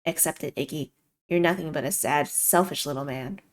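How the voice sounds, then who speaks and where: A woman's voice: low-pitched, a little fast, close to an everyday voice. A woman voicing the cruel, contemptuous inner voice of a man who accuses him relentlessly.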